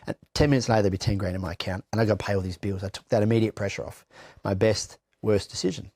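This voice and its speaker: A man's voice: lowish voice, fast, darkish tone, no room sound. A middle-aged Australian man giving blunt, candid personal testimony in an interview, swearing freely and often restarting his sentences. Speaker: interview guest.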